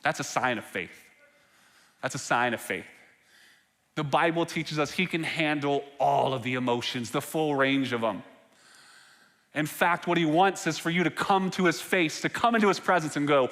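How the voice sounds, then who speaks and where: A pastor preaching in a reverberant hall. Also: male voice, fairly high pitch, a little slow, a bit bright. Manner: preaching with rising intensity and humor. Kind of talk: sermon. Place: church sanctuary.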